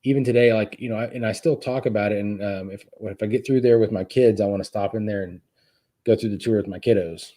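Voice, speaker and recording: Guy with a lowish voice, guest on a live chat, stops and restarts a lot. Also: fairly even intonation, dark tone. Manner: halting, lots of restarts and fillers. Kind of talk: casual chat. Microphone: live stream setup.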